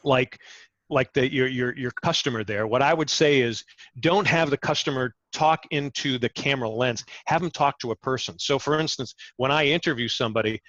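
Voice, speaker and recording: A middle-aged former TV reporter, a guest in an interview, giving energetic conversational advice and often repeating words as he starts his sentences. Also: mid-range voice, normal speed, no echo, highs cut off.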